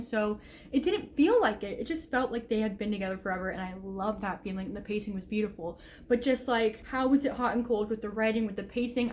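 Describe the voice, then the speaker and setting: A woman's voice: on the high side, darkish tone, a little hiss or hum. A young adult woman vlogging about books she is reading, rambling and gushing with lots of "like". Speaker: book vlogger. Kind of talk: casual reading vlog chat. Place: home room, bad sound.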